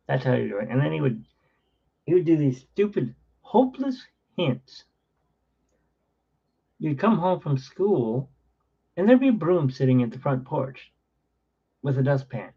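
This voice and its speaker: A man's voice: a little high, very animated, a little slow, creaky, pauses often, husky, highs cut off. A man in his forties, host of his own channel, telling a blunt, wry story in a casual rambling monologue. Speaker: channel host playing keyboard.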